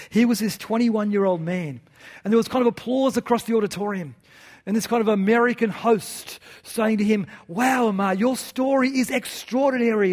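A pastor with a high voice and darkish tone preaches a sermon to his church. His style is earnest, full of rhetorical questions and repeated phrases.

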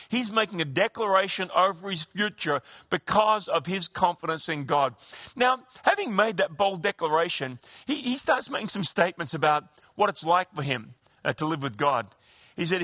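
A man's voice: sits high, lively intonation, normal speed, bright, forceful tone, no echo, clean studio sound. A man preaching a sermon in a conversational way, often restarting his phrases. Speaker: pastor.

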